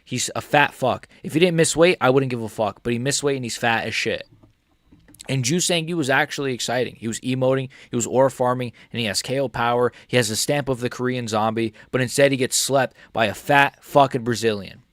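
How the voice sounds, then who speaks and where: A man's voice: medium pitch, a little fast, no echo, clean studio sound. Angry swearing young man ranting. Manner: swings between angry shouting and muttered grumbling, heavy swearing; chats with viewers by name. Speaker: MMA streamer reacting live. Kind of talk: live stream reaction.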